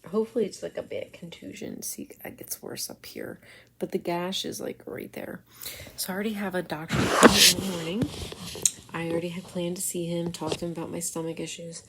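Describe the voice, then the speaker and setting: A woman's voice: lowish voice, steady tone, a little fast, vocal fry, noisy background. A woman telling a rambling story in a casual vlog, swearing often, breaking into giggles and sometimes dropping to a whisper. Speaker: vlogger.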